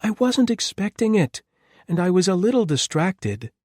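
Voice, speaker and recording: An earnest young nun, tender and a little flustered, in a lifted, gentle voice, as a male narrator puts her on. The sound is close and dry, with a breathy edge. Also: sits high, big pitch swings, moderate pace, dry recording, voice pushed up.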